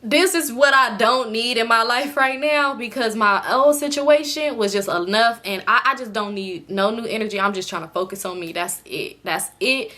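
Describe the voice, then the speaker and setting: A young woman chatting through a casual storytime vlog, slangy and animated, acting out the people she quotes. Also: medium pitch. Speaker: storytime YouTuber.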